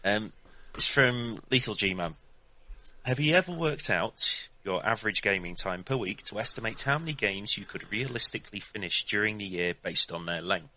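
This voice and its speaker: A man hosting a casual gaming podcast, steering the talk and reading listener questions. His voice is fairly low but bright and forceful, and his answers are blunt. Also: expressive, moderate pace, poor audio. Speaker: podcast host.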